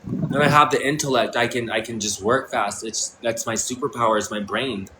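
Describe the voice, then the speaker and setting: A man in his thirties talks straight to his livestream in a bright, forceful voice, rambling and profane, tripping over his own restarts. His pitch sits in an ordinary middle range. A faint room hum sits under the recording. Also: moderate pace, rough recording. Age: 30s. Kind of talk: casual livestream monologue. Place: indoor room.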